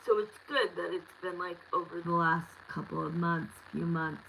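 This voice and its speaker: A woman's voice: fairly low pitch, fairly even intonation, moderate pace, vocal fry, fairly bright tone, slight background noise, low-quality recording. A woman in her thirties giving a live tarot reading, talking candidly and bluntly with lots of fillers. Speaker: tarot reader.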